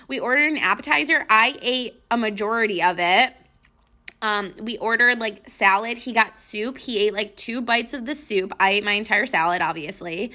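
A young woman with a fairly high, sharp-toned voice hosts a podcast at normal speed, casually telling listeners a personal story. She is chatty, says "like" often, and mocks people as she retells what they said.

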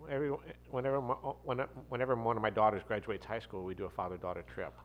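Guest vet, middle-aged man, low voice, mild and earnest. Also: fairly even intonation, fast talker, rough recording. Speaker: veterinarian guest. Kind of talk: casual chat.

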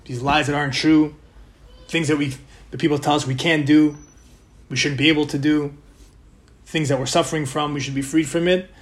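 A man's voice: fairly high pitch, fairly even intonation, normal speed, long pauses. A man giving a casual weekly Torah talk, conversational and mixing in Hebrew and Yiddish terms. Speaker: Torah teacher.

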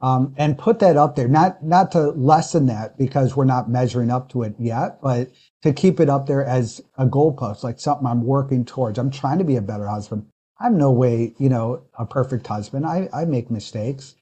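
A man with an ordinary mid-range voice, speaking as a pastor who is a guest in a relaxed interview. He talks in an earnest, reflective way, circling back and restarting his sentences as he thinks them through. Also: mid-range voice, normal speed, slightly rough. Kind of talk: casual interview storytelling.

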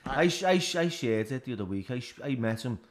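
A man's voice: medium pitch, lively intonation, a little fast, a little mellow. A man with a Scouse accent hosting a podcast, chatting casually, swearing in passing. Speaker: podcast host. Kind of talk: casual interview chat.

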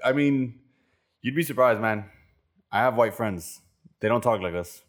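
A young man from Miami with a Miami accent, co-hosting a podcast in animated, joking casual chat. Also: medium pitch, measured pace. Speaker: podcast co-host.

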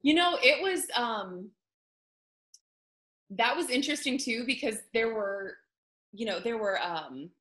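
A woman's voice: on the high side, lively intonation, unhurried, pauses often, a bit bright. A young woman, a country singer, chatting casually in an interview with lots of fillers. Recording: echoey room.

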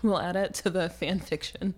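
A woman co-hosting a podcast in a casual book discussion, animated, laughing often and acting out quoted lines. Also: mid-range voice. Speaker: podcast co-host.

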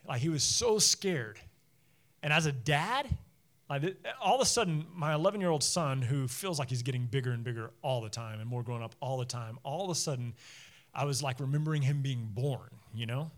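A man's voice: medium pitch, a little fast. A man in his thirties or forties, a pastor giving a sermon through chatty personal stories with frequent laughs. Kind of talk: conversational sermon storytelling. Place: church service.

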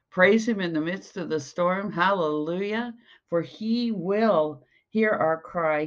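A podcast preacher giving a slow, earnest devotional sermon and reading scripture aloud. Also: medium pitch, lo-fi sound.

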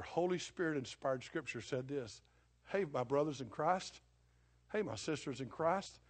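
A middle-aged pastor delivers an impassioned sermon, swinging between loud declarations and low, hushed asides.

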